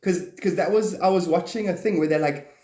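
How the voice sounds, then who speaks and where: Male streamer, rambling and profane, laughs a lot; higher voice, mellow tone, roomy echo. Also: fairly quick, slight background noise. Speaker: live stream host. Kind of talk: rambling casual live-stream chat.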